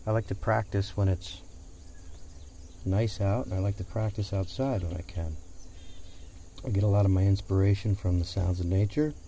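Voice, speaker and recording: A singer-songwriter chatting casually between songs in a rambling way, recorded outdoors on a porch with a portable recorder. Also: male voice, sits low, fairly even intonation, normal speed, pauses often, mellow, slight background noise. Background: acoustic guitar playing.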